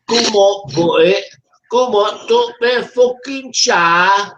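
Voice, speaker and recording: Man, high-pitched, heckles and swears throughout, drawn-out delivery, noisy recording. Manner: swears constantly, taunting and heckling. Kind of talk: profane taunting rant.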